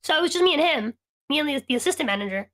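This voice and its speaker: High-voiced woman telling profane stories. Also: animated, racing, a bit bright. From Latina. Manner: profane, heated ranting storyteller. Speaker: podcast co-host. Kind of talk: casual storytelling chat.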